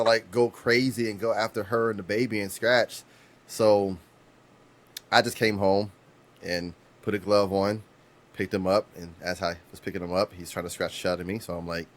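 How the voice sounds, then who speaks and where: A man in his thirties, co-hosting a podcast, telling rambling stories with restarts and casual swearing. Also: fairly low pitch. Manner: rambling storyteller, frequent restarts, swears freely. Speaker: podcast co-host.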